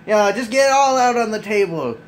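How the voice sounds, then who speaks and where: A man with a notably high voice talks rambling and unpolished into a camera mic off to the side in his room at home. He swears casually, drifts off on tangents and pads his speech with "like" and "you know". A faint background hum sits under his voice. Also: lively intonation, fairly quick, poor audio. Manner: rambling, loose and profane, full of "like" and "you know"; self-mocking and easily sidetracked. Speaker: vlogger. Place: at home at his desk, just woken up.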